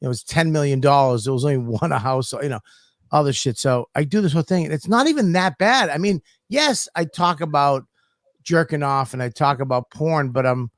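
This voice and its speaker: A man's voice: fairly high pitch, a little fast, dry recording, studio quality. A man, a comedian co-hosting a podcast, telling rambling, profane stories in casual chat.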